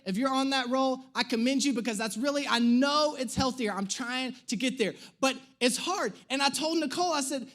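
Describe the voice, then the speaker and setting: A man in his thirties, a pastor, telling a humorous personal story in an animated, self-mocking way during a sermon. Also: very high-pitched. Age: 30s. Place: church stage.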